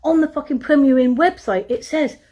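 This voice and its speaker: A woman's voice: high-pitched, brisk, mellow, dull audio. A woman vlogging from a hotel room on her phone, swearing a lot as she complains and then gives a room tour. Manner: exasperated, swears often, talks to camera. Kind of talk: casual vlog rant and room tour. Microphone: phone camera.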